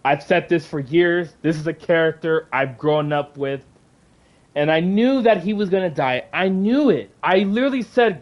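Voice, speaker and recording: A man's voice: fairly high pitch, moderate pace, lo-fi sound. A man hosting a livestream, ranting angrily with heavy profanity and frequent sighs. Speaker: channel host. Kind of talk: livestream rant.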